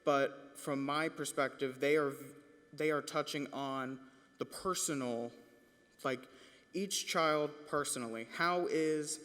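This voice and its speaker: A man's voice: fairly high pitch, fairly even intonation, slow pace, a bit bright. A young man, a recent graduate, giving a courteous, somewhat hesitant public comment at a school board meeting. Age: young adult. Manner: courteous and hesitant, with many fillers. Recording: long reverb of a meeting hall.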